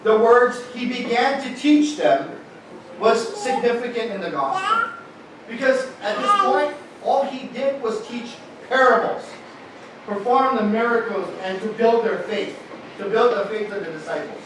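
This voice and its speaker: A man preaching a sermon as pastor, lively and joking, with many restarts, in a church hall. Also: extremely high pitch, normal speed. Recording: echoey hall from far off with noise.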